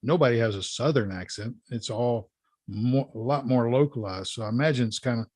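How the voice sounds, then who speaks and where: A man's voice: mid-range voice, brisk, a little mellow, dry recording. A man with a Florida accent hosting a casual interview, asking curious questions. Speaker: host.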